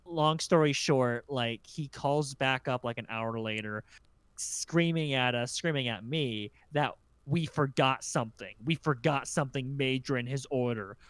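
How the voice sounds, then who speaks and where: Podcast guy rambling thru stories, lots of um and like, swears, smooth voice. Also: mid-range voice, measured pace, a bit bright, no echo. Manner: rambling storyteller, lots of fillers, swearing, laughs. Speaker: podcast host. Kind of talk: casual chat.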